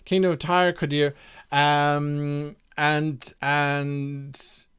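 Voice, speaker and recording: A man running a live-streamed campaign design session as game master, reading viewers' suggestions aloud and thinking out loud, hesitating and repeating names to test them. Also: on the high side, level tone, very slow, clear, resonant tone.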